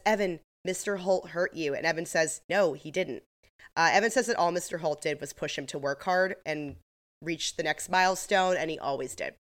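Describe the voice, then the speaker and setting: A low-pitched woman co-hosts a podcast and recaps episodes casually. She retells scenes in an animated way, slipping into quick acted-out quotes with plenty of fillers. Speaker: podcast co-host recapping a crime show.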